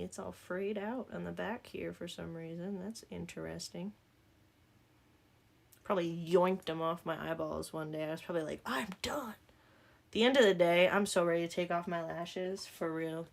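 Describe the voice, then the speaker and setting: Creaky-voiced Southern woman chatting. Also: fairly low pitch, steady tone, normal speed. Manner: joking, rambling asides. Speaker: makeup vlogger. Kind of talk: casual chatty tutorial.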